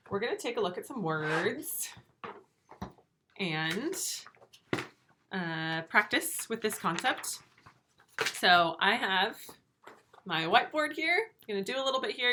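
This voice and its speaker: A woman teacher giving a remote reading lesson to young pupils, slow and clear, encouraging. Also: mid-range voice, background noise. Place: home room with a whiteboard.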